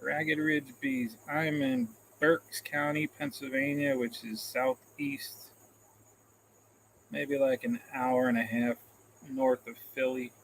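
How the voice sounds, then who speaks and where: A man's voice: medium pitch, expressive, takes it slowly, creaky, a bit bright, slight background noise, low-quality recording. A man hosting a casual live stream, reading out comments in a rambling, self-deprecating way and chuckling often, into a phone camera. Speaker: livestream host.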